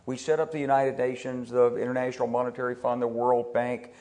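A man's voice: mid-range voice, brisk. An older American man, a retired army officer, giving a conversational public talk full of anecdotes, restarting and repeating words as he goes. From United States. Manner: conversational, repeats words when restarting, quotes people in lively put-on voices.

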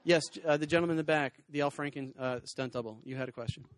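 A man's voice: fairly high pitch, quick pace, no echo. A middle-aged man doing stand-up comedy on stage, rambling with self-deprecating asides and bantering with the audience. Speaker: comedian and cartoonist. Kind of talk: stand-up comedy with crowd work. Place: small hot venue with a spotlight.

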